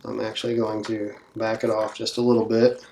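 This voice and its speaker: A man who builds guitars walks through a setup at his workbench, relaxed and thinking aloud as he works. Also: lowish voice, fairly quick, noisy background. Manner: relaxed, thinking aloud while working, with fillers. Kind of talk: hands-on instructional walkthrough.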